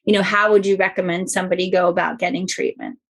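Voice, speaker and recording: A woman's voice: lowish voice, little pitch movement, fast talker, vocal fry, rough recording. A woman hosting a podcast interview, affirming her guest and asking long, winding questions. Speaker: podcast host. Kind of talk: conversational interview.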